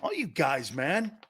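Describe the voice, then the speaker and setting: A man with a Philadelphia accent hosting an opinionated sports talk show, loud and excitable, often laughing and shouting. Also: high-pitched, vocal fry, husky.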